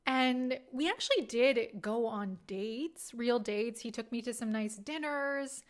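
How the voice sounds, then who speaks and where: A thirtysomething woman hosts a podcast, her voice slightly high and a touch slow. She tells candid, self-deprecating stories in a relaxed monologue, laughing often.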